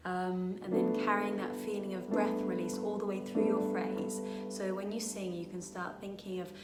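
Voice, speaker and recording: A woman teaching a singing lesson, coaching gently and breaking into sung demonstrations. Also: mid-range voice, level tone, moderate pace. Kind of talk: vocal warm-up lesson. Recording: roomy sound with piano.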